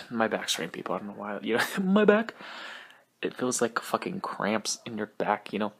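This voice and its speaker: A young man hosts his own podcast alone, rambling loosely from one thing to the next. He swears freely, laughs often and rushes his words. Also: on the low side, sing-song, vocal fry, fairly bright tone. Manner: profane, rambling, laughs often, talks fast. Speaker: podcast host. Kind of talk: casual solo podcast rant.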